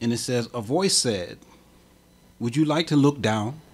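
A man's voice: mid-range voice, expressive, measured pace, husky. A man preaching a sermon as imam, with an impassioned cadence that swells and drops. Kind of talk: Friday sermon.

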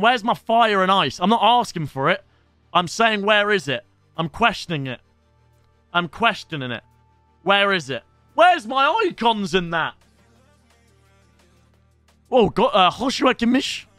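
Young male streamer, high bright voice, excitable sweary banter. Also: no room sound. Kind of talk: casual live-stream pack-opening commentary. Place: home streaming setup.

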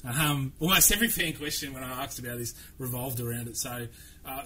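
Male host, casual and matey, rambling questions; bright tone, slight noise. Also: medium pitch, steady tone, a little fast, poor audio. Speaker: podcast host. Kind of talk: casual podcast interview.

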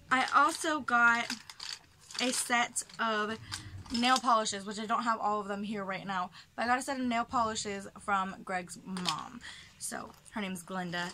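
A young woman chatting casually in a home haul vlog, full of ums and soft asides, sometimes dropping almost to a whisper. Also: mid-range voice, background noise. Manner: chatty, filler-heavy, drops to soft near-whisper when touched. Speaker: vlogger. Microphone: camera mic, handheld.

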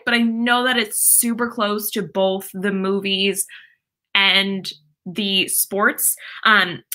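A woman's voice: a little high, pushed and bright. A young woman hosting a casual live stream from home, chatting and reading viewer comments aloud with lots of fillers and laughs.

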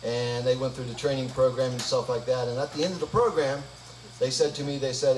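A man's voice: mid-range voice, steady tone, brisk, slight background noise. A man leading a live gospel concert, joking between songs in a folksy stage patter. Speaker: gospel singer and bandleader. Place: church hall. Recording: roomy live hall audio from far off. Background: guitar music.

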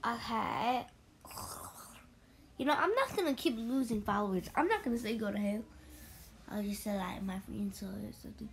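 A woman hosting an ASMR mobile game playthrough, speaking softly and sometimes whispering as she reads the game chat aloud. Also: fairly high pitch, lively intonation, normal speed, vocal fry, a little hiss or hum. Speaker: ASMR channel host.

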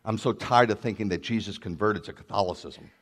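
A man preaching as a rabbi, emphatic and building to loud declarations. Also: lowish voice, a little fast. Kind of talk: sermon.

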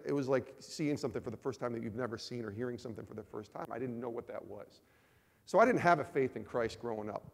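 A man's voice: medium pitch, gravelly, long reverb tail. A man in his forties sharing a personal testimony with a men's group, acting out both sides of his conversations. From Northeast US. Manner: animated storytelling, acts out both sides of conversations. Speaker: speaker at a men's ministry event.

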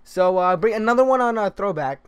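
A young man giving casual, sarcastic commentary over his own gameplay, swearing freely and breaking into animated outbursts. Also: sits high, a little fast, smooth, no room sound. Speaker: gaming commentator.

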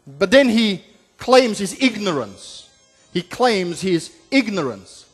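High-voiced pastor preaching in a reverberant church. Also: male voice, sing-song, takes it slowly, husky. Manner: expository preaching with frequent filler "uh" and restarts; swings from emphatic to soft and low. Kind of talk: sermon. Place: church sanctuary.

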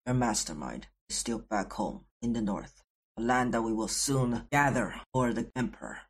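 A man's voice: fairly low pitch, animated, normal speed, breathy edge. A man narrating his character in an improvised tabletop role-play, plain and matter-of-fact.

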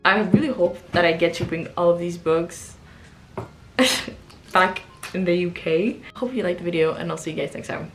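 A woman vlogger chatting casually through a book haul, reading back covers aloud and reacting with quick exclamations. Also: lowish voice, slight background noise.

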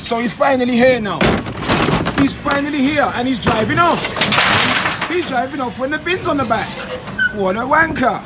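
A young man with a hoarse voice, a bin loader giving loud, exasperated running commentary on his driver, swearing and using slang. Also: very high-pitched, moderate pace, long pauses. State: voice going hoarse. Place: outdoors on a city street beside a bin lorry. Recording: street noise and traffic behind.

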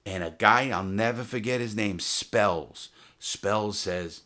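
A former jewel thief telling his prison stories in a casual, profane, animated way, full of restarts. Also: lowish voice, slow. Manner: profane, animated, heated retelling with many restarts. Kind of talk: casual storytelling to camera.

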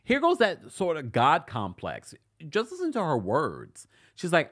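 Animated man hosting a casual recap. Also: fairly high pitch, a little slow, few pauses. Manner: animated, laughs often, chatty asides. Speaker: recap show host reading live chat. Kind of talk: casual live-stream commentary.

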